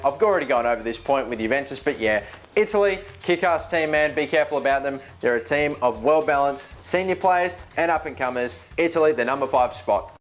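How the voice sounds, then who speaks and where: A man giving casual, joking gaming commentary, chatty and rambling, often correcting himself mid-sentence. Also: mid-range voice. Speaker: video game YouTuber.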